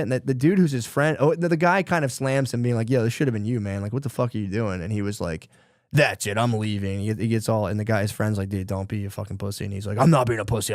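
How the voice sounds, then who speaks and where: Male podcast host, mid-pitched, loose and rambling, salty language, dry close mic. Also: a little mellow, dry recording. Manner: loose, rambling retelling of a book plot, with profanity. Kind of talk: casual chat.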